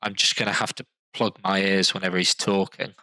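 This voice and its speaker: Bright-voiced London man chatting casually. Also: low-pitched, level tone, brisk, dry recording, rough recording. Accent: London English. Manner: rambling, many restarts and fillers. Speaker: podcast host. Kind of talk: casual podcast chat.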